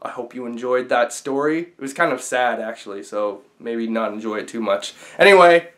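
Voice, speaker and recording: A man telling a story to his viewers in an easy, conversational way. His voice sits in an ordinary middle register, and he pauses on fillers and restarts as he goes. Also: mid-range voice, a bit bright. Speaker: vlogger. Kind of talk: casual storytelling.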